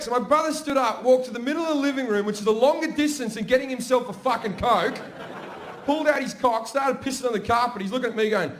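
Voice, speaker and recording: A man with an Australian accent telling profane, animated stories as a stand-up comedian. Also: very high voice, fast, a little hiss or hum. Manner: brash, profane, animated storytelling. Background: audience laughter.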